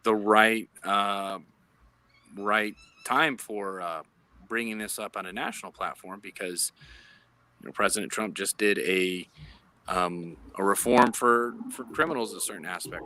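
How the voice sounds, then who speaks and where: A man from law enforcement joins a live chat over his phone. He explains things earnestly and often pauses to search for words. His voice is lowish but bright and forceful.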